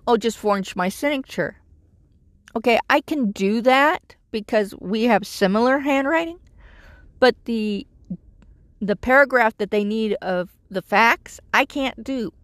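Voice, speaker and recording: A woman's voice: mid-range voice, fairly bright tone, no echo. Exasperated middle-aged woman rambling on. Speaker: vlogger living in her vehicle. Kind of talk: casual chat.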